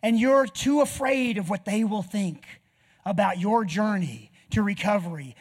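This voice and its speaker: A man's voice: sits high, measured pace. A man preaching an earnest personal testimony sermon in a church, speaking straight to his listeners. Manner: earnest, personal storytelling with direct appeals to listeners.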